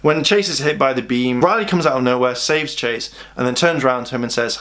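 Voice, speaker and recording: A man's voice: medium pitch, a bit bright. Chatty British man recapping episodes. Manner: chatty, acts out characters' lines in quick put-on voices. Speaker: fan reviewer.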